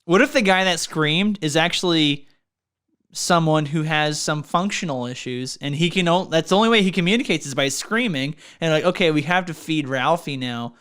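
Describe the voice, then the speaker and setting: A young man co-hosting a casual podcast, talking about a movie in an expressive, giggly way that often breaks into laughter. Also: a little high, moderate pace, clear, resonant tone. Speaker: podcast co-host.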